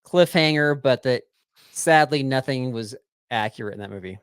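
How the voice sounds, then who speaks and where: A man's voice: medium pitch, moderate pace, fairly bright tone, clear, resonant tone, no room sound, studio quality. Playful man hosting a podcast. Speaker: podcast host. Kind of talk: casual podcast chat.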